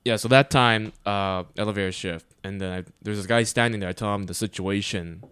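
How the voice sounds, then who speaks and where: A man's voice: lowish voice, fairly quick, a bit bright, smooth, no echo, studio quality. A young man co-hosting a podcast, telling crude, rambling work stories with lots of swearing. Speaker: podcast co-host. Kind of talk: casual chat.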